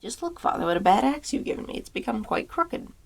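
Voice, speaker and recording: A woman's voice: fairly high pitch, very animated, quick pace, creaky, voice pushed up, exaggerated voice. A woman voicing a clever, eager young schoolboy in a storybook reading. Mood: earnest.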